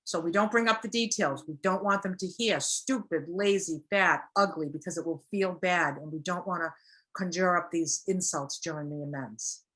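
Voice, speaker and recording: A woman's voice: fairly low pitch, moderate pace, a bit bright. Earnest woman explaining recovery steps. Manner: earnest, acts out example quotes. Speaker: recovery speaker. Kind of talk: casual teaching talk.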